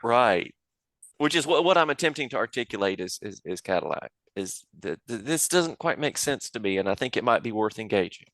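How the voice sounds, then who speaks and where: A man's voice: fairly low pitch, lively intonation, a little fast, a bit bright, no echo. A man playing a tabletop game, speaking in a hesitant, stammering way. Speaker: player.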